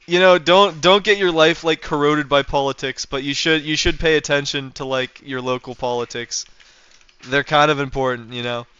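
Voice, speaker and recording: A male streamer rambles easily through casual livestream chat, circling back with fillers and restarts. His voice is bright and forceful, with a smooth, crisp clarity. The sound is dry and close, but slightly dull and lo-fi. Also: fairly high pitch, fairly even intonation, moderate pace, no echo. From North America. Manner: rambling, full of fillers and restarts, chuckling often.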